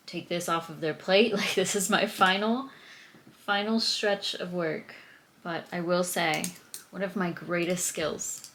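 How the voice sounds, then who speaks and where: Young woman, casual diary vlog, chatty with fillers, lowish voice, faint background noise. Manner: chatty, laughs often, many "like" fillers. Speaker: vlogger.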